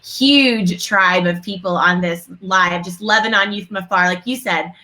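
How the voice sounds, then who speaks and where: A woman's voice: mid-range voice, bright, forceful tone. A woman hosting a casual live-stream interview, effusive and gushing toward her guest. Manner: effusive, gushing, quick to laugh. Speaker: host.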